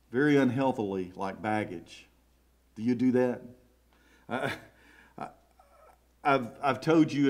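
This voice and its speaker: A middle-aged man with a Southern US accent, preaching a sermon in a church sanctuary with emotional, emphatic swells. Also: mid-range voice. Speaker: pastor.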